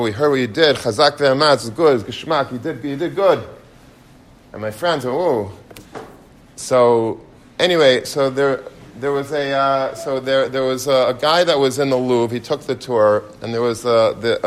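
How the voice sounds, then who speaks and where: A man gives a casual, story-filled sermon at a middle pitch. His stories move quickly, and his exhortations grow more heated and insistent. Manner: animated storyteller, rising to passionate exhortation. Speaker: rabbi giving a Torah talk.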